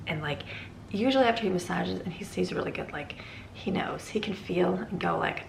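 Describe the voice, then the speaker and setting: Her lowish voice has vocal fry, and she speaks fast. She's a middle-aged woman chatting and rambling in a vlog from her home, often breaking into laughter, with the room echoey and faint ambient noise behind her.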